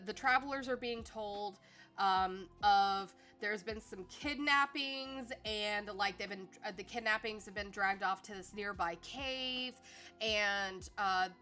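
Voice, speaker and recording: A woman streamer casually telling a rambling, animated story about a tabletop game, full of fillers and acted-out quotes. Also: medium pitch.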